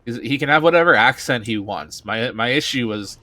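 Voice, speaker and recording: A man's voice: mid-range voice, lively intonation, fairly quick, bright, forceful tone, no room sound. A man streaming a video game, talking casually in a rambling, hesitant way with blunt opinions. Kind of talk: casual commentary over a game.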